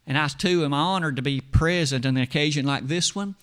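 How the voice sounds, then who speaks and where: A man acting out an eager young male student who asks Jesus for advice, earnest and excited. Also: on the high side, fairly quick, clear, resonant tone, lightly acted.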